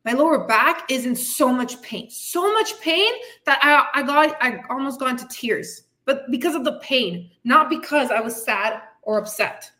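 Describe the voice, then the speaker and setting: Woman, podcast host, fitness coach, high voice, sharp bright tone, blunt, frustrated, swearing, tough love. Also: expressive, moderate pace, hardly any pauses. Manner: frustrated, venting. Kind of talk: candid motivational monologue.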